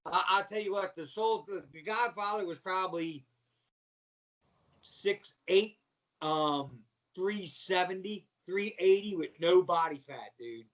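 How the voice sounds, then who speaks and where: A middle-aged man from Baltimore, a former wrestler, telling slangy, animated stories as a podcast guest. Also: high voice, measured pace, distant mic, poor audio. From Baltimore, USA. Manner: animated storyteller, slangy, says "man" a lot. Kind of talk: casual storytelling interview.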